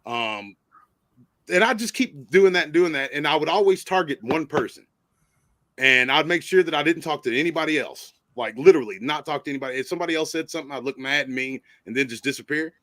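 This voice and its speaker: A man's voice: on the high side, fast talker, sharp tone, no room sound. A man hosting a live stream, telling a long story in casual chat, stammering and laughing as he goes. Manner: rambling, stammering, laughs often.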